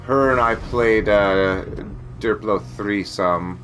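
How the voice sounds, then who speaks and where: A man's voice: on the low side, takes it slowly, a bit bright, faint music behind. Rambling joking man. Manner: rambling, joking, swears and laughs often. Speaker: streamer. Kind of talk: casual chat.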